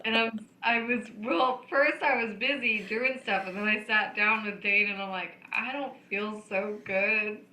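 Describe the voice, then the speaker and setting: Podcast co-host, woman, bright forceful voice, laughing chatter, roomy echo with faint noise. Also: a little high, fairly even intonation, moderate pace, few pauses. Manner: laughing, chiming in on a shared story. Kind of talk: casual chat.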